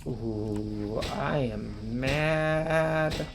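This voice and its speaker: A woman's voice: rumbling low, extremely slow, background noise. A woman streaming a video game, commenting casually and swearing as she rants in angry outbursts.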